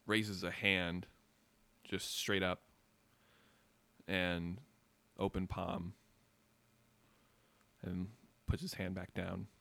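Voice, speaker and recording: Deep-voiced male game master, slow and vivid, clear tone. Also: level tone, pushed and bright, no echo. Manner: unhurried, vivid scene-setting with many fillers. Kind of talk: narrating a tabletop game.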